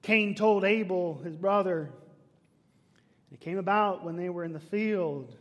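A man preaching a sermon, emphatic, swinging between loud declaiming and hushed whispers. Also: sits high, a little slow. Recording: long reverb of a large hall.

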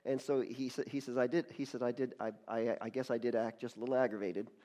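A man's voice: medium pitch, fairly even intonation, fast, warm tone. Man preaching with stumbling repetitions. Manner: repeats and restarts words often, rising to fervent praise. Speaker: pastor. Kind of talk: sermon storytelling.

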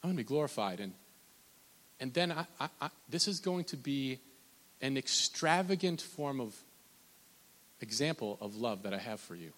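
A man, likely in his thirties, preaching a conversational sermon with lots of restarts and fillers, loud on his points and slow on scripture. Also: mid-range voice, in a large hall. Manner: animated, pushes loud on emphasis, drawn-out slow scripture quotes. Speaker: pastor.

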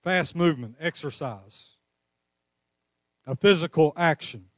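A man preaching a sermon, crying out passionately at times and easing into a calm teaching tone at others. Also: on the high side, takes it slowly, no room sound, studio quality. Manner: impassioned preaching, rising to cries then dropping to a calm teaching tone. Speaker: pastor.

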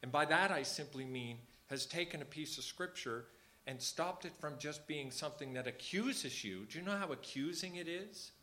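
A man's voice: fairly high pitch, animated, moderate pace, pushed and bright. A man leading a small church service, talking informally and earnestly and repeating phrases for emphasis. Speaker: church leader.

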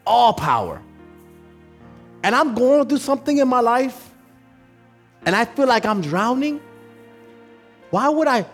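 Animated preacher with restarts. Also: male voice, very high-pitched, unhurried, long pauses, soft background music. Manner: animated storytelling with frequent restarts. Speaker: pastor. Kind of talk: sermon. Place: church service.

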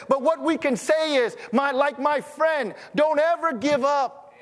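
A man's voice: very high-pitched, measured pace, big-room sound. A man preaching as a pastor, telling stories in a conversational way and often restarting his sentences. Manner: conversational, storytelling, stammering restarts. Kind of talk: sermon.

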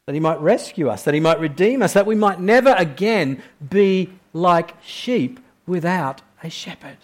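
A male preacher with a notably high-pitched voice delivers a sermon to his church. He shifts between hushed, slow reflection and rising, emphatic questions. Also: expressive. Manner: swings from quiet, low reflection to loud, high-pitched questioning.

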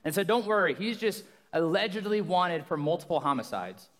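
Loud joking guest preacher, high voice. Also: male voice, lively intonation, a little fast. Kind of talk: sermon. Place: church hall. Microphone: handheld or stage microphone. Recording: long reverb of a church hall.

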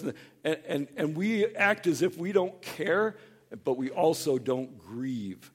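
A man preaching a sermon as a pastor, earnest and conversational. He acts out people's words in a higher, louder tone and goes soft on tender points. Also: slow, slightly rough. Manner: animated, acts out quoted voices in a higher, louder tone.

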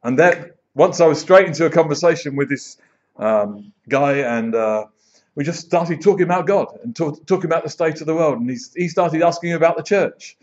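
A man preaching a sermon in church, telling stories with lively acted-out quotes. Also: a little high, normal speed. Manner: animated storyteller, acts out quoted voices. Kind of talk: sermon with storytelling. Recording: dull lo-fi sound.

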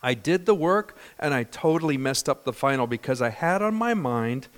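A middle-aged man from California preaching a sermon, lively and humorous, often asking the congregation questions. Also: medium pitch, moderate pace. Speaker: pastor.

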